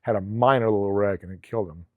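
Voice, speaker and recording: A man's voice: fairly low pitch, fast talker, no room sound. Earnest rambling man from Alabama, phone-tinny. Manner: earnest, rambling storyteller with frequent restarts. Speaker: guest, former police officer and travel agency owner. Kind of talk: casual storytelling interview. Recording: dry, tinny phone-like sound.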